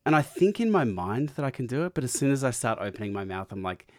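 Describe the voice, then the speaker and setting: A man's voice: medium pitch, very animated, fast talker, dry recording, studio quality. A man, co-hosting a casual podcast chat, joking and laughing often. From Australia. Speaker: podcast co-host.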